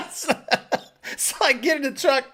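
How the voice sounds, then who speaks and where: A woman's voice: high-pitched, slow pace, fairly bright tone. A woman hosting a live show, telling stories in a casual, profane, laughing way. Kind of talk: casual storytelling.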